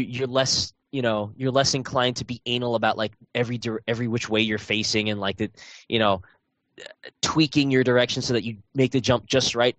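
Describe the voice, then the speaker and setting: A man's voice: mid-range voice, a bit bright, no echo. A man chatting casually about a video game, rambling with lots of fillers and restarts. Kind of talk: casual chat.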